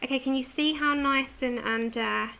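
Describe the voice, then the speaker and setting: British woman, colouring livestream host; bright, sharp tone, casual chat with lots of laughs. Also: high-pitched, normal speed, creaky, slight background noise. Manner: chatty, laughs often, answers viewer comments.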